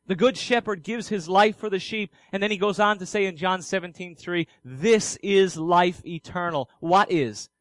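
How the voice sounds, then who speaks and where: A man's voice: high voice, moderate pace, hardly any pauses, a bit bright, no room sound, poor audio. A man preaching a sermon earnestly, posing questions and answering them himself.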